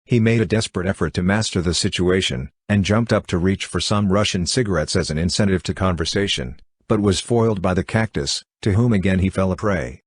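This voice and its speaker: A man with a very low, husky voice narrates a classic book in a steady, even way. The sound is dry and close. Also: fairly quick, few pauses, no room sound. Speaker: audiobook narrator. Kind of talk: scripted narration.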